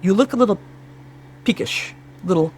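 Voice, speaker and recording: A Canadian man plays a smooth, scheming mountain guide who smothers his client in polite concern. The voice stays his own, pitched a little high, with a podcast host's quick improvised patter. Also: lively intonation, slight background noise. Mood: mock-concerned. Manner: fawning, mock-concerned, keeps saying sir. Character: scheming male Sherpa guide, overly polite. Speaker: podcast co-host. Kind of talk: improvised comedy sketch.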